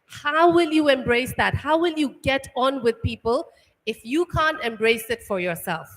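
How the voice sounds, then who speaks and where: A woman gives a motivational talk to a room of students. Her voice is high and swings up and down with animation as she piles on rhetorical questions. The long reverb of a large hall trails behind every phrase. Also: animated, unhurried. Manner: rhetorical questions, keeps asking "right?". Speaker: workshop speaker. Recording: echoey hall.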